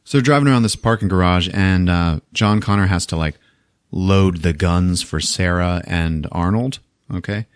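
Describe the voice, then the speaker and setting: Low-voiced, swearing podcast host. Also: male voice, moderate pace, clear, resonant tone, no room sound, clean studio sound. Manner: profane, animated, laughs often. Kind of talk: casual movie recap.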